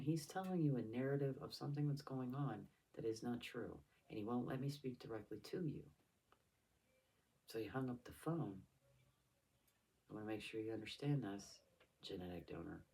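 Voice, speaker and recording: Tearful middle-aged woman, raw and volatile. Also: very deep voice. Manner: swings between loud anger and hushed whispers. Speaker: vlogger. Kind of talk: raw emotional monologue addressed to her father. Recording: voice a bit far from the mic.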